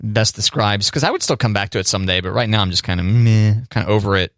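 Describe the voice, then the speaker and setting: A man co-hosts a podcast in easygoing, casual chat, joking at his own expense, with plenty of fillers and restarts. He talks fast in a lowish, slightly bright voice. The recording is studio quality with no room sound.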